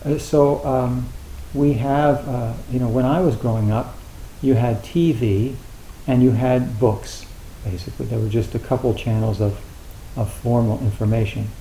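A middle-aged American man giving a dharma talk as a Zen teacher, in a loose, halting, conversational way with many fillers and a wry, gentle humor. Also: medium pitch, steady tone. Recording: roomy hall with faint hiss.

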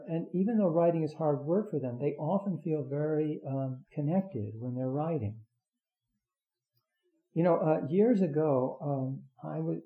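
A man giving a rambling Zen talk, halting often with fillers and restarts. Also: fairly high pitch. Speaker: Zen teacher. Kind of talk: dharma talk. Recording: roomy, dull lo-fi recording.

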